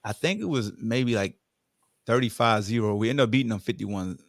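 Podcast guest, man from Virginia, low voice, lively storyteller who acts out what people said. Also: moderate pace, gravelly, no echo, studio quality. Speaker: podcast guest, former football player. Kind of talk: casual storytelling interview.

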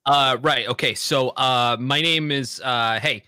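A man improvising a character pitch on a voice call, hesitant and full of fillers. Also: fairly even intonation, measured pace, sharp tone, clean tone, no room sound, studio quality.

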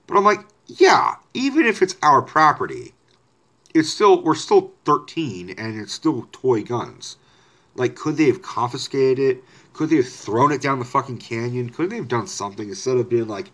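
A man's voice: mid-range voice, big pitch swings, normal speed, fairly bright tone. A man telling a personal story in a casual, rambling way, often correcting himself and swearing.

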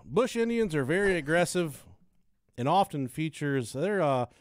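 A man's voice: on the high side, sing-song, moderate pace. A man co-hosting a podcast in casual chat, swearing freely, joking and laughing often. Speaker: podcast co-host.

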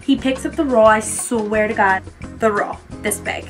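Chatty New woman, music behind. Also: normal speed. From New Jersey. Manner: animated, frequent "like", acts out quotes in a higher voice. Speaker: beauty vlogger. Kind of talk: casual storytelling chat.

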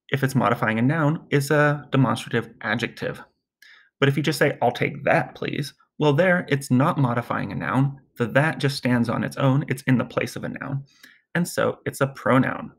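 A man teaching Latin in a recorded lesson speaks at a medium pitch, casually walking through grammar points and chanting out word forms for practice.

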